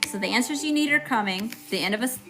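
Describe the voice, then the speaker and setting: A woman's voice: a little high, lively intonation, fast, loud music behind the voice. A woman giving a live tarot reading, chatty and informal, greeting viewers and often checking in with "okay?". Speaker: tarot reader.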